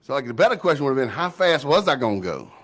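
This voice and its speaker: A middle-aged man preaching a sermon in an animated, folksy way, often repeating words as he builds up. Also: medium pitch, quick pace. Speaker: pastor.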